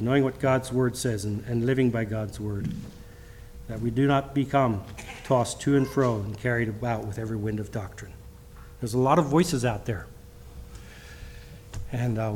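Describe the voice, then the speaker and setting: A middle-aged man preaching a church sermon with personal testimony. He speaks haltingly, restarting often, and reads scripture in King James wording. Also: medium pitch, darkish tone, slight background noise. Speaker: lay preacher.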